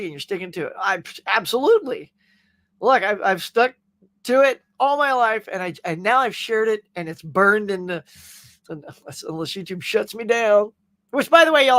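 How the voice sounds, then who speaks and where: Rambling through viewer comments with frequent laughs, a man hosts a casual pop culture podcast in easy chat. His voice is high-pitched and a bit bright, with no room sound.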